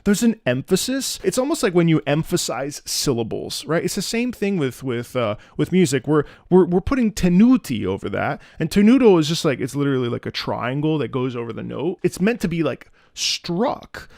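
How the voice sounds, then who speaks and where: A man's voice: a little high, sing-song, moderate pace, hardly any pauses, a little mellow, no echo, clean studio sound. A man, an opera singer, chatting casually about game music. He talks enthusiastically, uses many fillers and scats the melodies aloud. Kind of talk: casual music reaction commentary.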